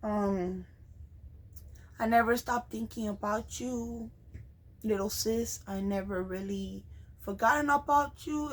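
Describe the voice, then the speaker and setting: Woman vlogger, unhurried and halting delivery, gentle and sincere. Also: medium pitch, rough recording. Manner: slow, hesitant, with frequent ums and restarts. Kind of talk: personal vlog talking to camera.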